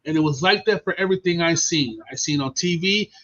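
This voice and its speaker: High-voiced, animated, profane male storyteller. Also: a little fast. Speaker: podcast host. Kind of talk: casual storytelling chat. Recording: dull lo-fi stream audio.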